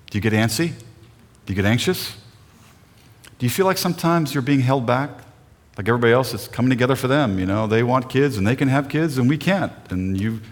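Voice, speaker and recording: A man's voice: on the low side, big-room sound. A middle-aged male pastor preaching a sermon in an earnest, emotional way, often putting questions to the congregation.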